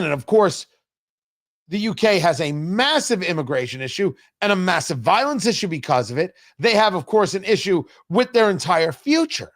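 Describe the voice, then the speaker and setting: A male talk show host delivering opinionated political commentary. His voice sits high and swings widely in pitch, and he leans hard on key words with drawn-out pauses. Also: animated.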